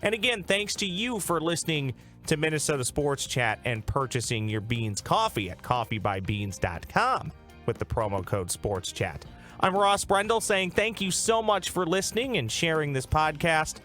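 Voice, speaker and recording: A man's voice: on the high side, sing-song, moderate pace, sharp tone, soft background music. A man hosting a sports podcast, joking with his guest and signing off in an upbeat way. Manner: jokey, upbeat sign-offs. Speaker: podcast host.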